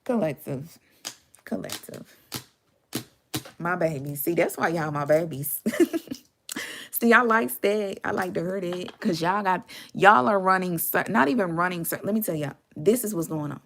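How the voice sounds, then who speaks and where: A woman's voice: fairly low pitch, moderate pace, a bit bright, a little hiss or hum. A woman giving a casual, sassy tarot reading to her viewers, chatty and full of slang. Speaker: tarot reader.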